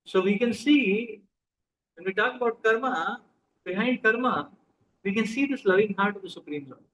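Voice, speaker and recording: Man, Indian accent, high voice, conversational sermon, questions to the audience. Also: moderate pace, a bit bright, rough recording. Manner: conversational, asks the audience questions, mixes in Hindi. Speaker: spiritual teacher.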